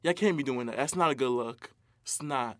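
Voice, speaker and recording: A man's voice: medium pitch, normal speed, no echo, clean studio sound. A young man, ranting casually and profanely as a podcast co-host, with mocking impressions. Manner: animated, profane, mocking impressions, frequent laughs. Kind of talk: casual rant.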